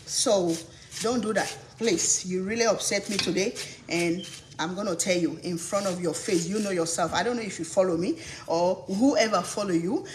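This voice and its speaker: A woman from Africa, a cooking channel host, ranting indignantly and emphatically on a live stream, often repeating herself. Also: mid-range voice. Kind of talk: heated livestream rant. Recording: echoey room, faint background noise.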